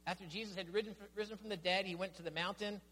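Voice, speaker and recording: A man's voice: sits high, fairly even intonation, fast talker, bright, forceful tone, husky. A middle-aged man preaching a sermon as pastor, emphatic and building his points in stressed lists. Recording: long reverb of a church hall.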